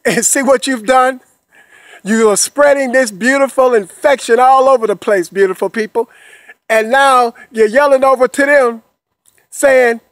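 A man with a high, light voice delivers a cheerful pep talk straight to his listeners. He repeats himself in a coaxing rhythm, keeps checking that they are with him, and laughs playfully between points. The recording is close and dry, with no room sound. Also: normal speed, fairly bright tone, no room sound. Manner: repetitive and coaxing, checks in with the listener after nearly every phrase. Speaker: motivational speaker. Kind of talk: upbeat motivational monologue.

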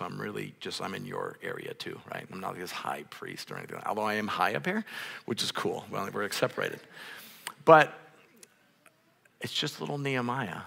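A male pastor preaching a sermon in a casual, conversational way, with many restarts, growing louder and higher when stirred up. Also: gravelly, slightly rough. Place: church sanctuary, on a raised stage.

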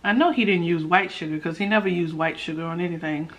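A woman's voice: on the low side, fast talker. A woman chatting to her viewers in a casual eating vlog, humming as she tastes and calling out to her audience. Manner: chatty and animated, savoring food with hums. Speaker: mukbang vlogger.

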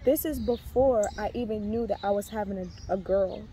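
With a warm tone and a medium-pitched voice at a moderate pace, a young, heavily pregnant faith vlogger shares her testimony casually. She rambles in earnest, with plenty of fillers and restarts, and slight background noise is audible.

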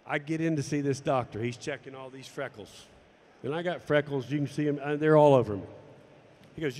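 A man's voice: mid-range voice, fairly quick, darkish tone, long reverb tail. A man telling a personal story to camera, acting out the dialogue as he goes. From United States. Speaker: golf instructor and former tour pro.

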